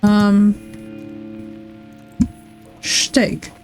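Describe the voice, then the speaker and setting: A woman's voice: mid-range voice, monotone, very slow, a little mellow. A woman streams from her home setup, chatting casually into a desk mic while she plays. She rambles through stories and swears freely, with faint music underneath. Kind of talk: casual chat while gaming.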